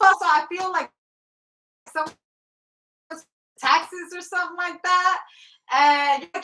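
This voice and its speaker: High bright-voiced woman reading tarot. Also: slow pace, pauses often. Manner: profane, laughing, blunt. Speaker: tarot reader. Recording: roomy sound from off the mic.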